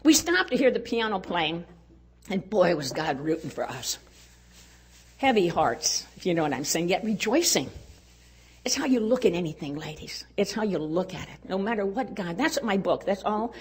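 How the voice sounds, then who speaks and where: An older woman speaking at a women's conference, telling a personal story in an earnest way and dropping to a hush at tender moments. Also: lowish voice, sing-song, moderate pace, breathy edge. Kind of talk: storytelling talk.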